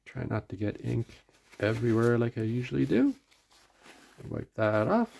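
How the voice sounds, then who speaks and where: Gravelly Atlantic Canadian man, rambling. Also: medium pitch, very animated, moderate pace, a little mellow. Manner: rambling, hesitant, many fillers and restarts. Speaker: pen reviewer. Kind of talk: casual product review.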